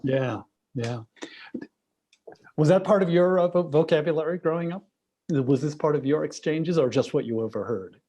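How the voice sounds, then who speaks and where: A man's voice: on the high side, normal speed, long pauses, mellow, slight background noise. A man hosting an interview, asking questions and giving short encouraging replies. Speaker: interview host. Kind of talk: casual interview.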